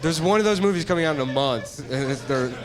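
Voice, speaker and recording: A middle-aged man doing a stand-up comedy set, rambling and deadpan, laughing at his own jokes. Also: a little high, fast talker, a crowd in the background.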